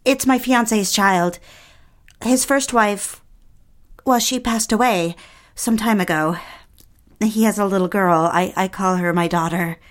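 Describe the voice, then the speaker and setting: An actress playing a nervous young bride-to-be in an audio drama, speaking in a hesitant, self-conscious way. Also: female voice, medium pitch, unhurried, long pauses, lightly acted. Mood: anxious. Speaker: lead character.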